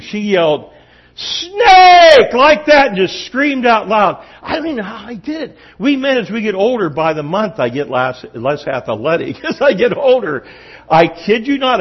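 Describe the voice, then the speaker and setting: A middle-aged pastor preaches to a room, animatedly telling stories and quizzing his listeners. His voice sits on the high side with a breathy edge, captured in a dull, lo-fi recording.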